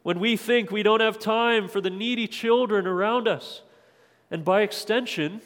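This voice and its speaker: A man's voice: high voice, moderate pace, a bit bright, in a large hall. A man preaching a sermon as pastor, earnest, often putting rhetorical questions to the congregation.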